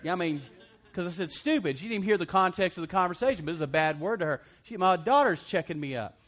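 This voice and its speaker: High, sing-song and a bit bright, a fast-talking male pastor preaches to his congregation. He asks for amens in call-and-response fashion and acts out other people's voices for comic effect.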